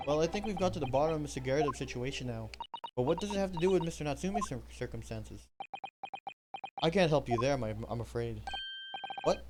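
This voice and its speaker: A man's voice: fairly high pitch, lively intonation, fairly quick, pauses often. Man reading game dialogue over music. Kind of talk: live game dub-reading.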